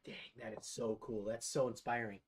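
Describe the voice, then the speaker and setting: A man in his forties, a guest on a cooking stream, upbeat and quick with quips in a home kitchen. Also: mid-range voice, steady tone, breathy edge. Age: 40s. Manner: upbeat, enthusiastic, quippy. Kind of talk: casual chat on a live cooking stream.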